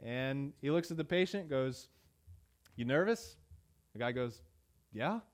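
A pastor preaching a sermon in a conversational way, with many "uh" fillers and emphatic repeated phrases. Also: male voice, mid-range voice, normal speed. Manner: emphatic rhetorical repetition.

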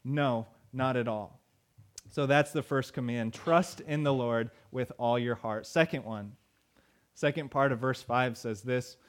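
A man's voice: medium pitch, a little slow. A male pastor delivering a sermon in a conversational way, with fillers and emphatic repeated lines.

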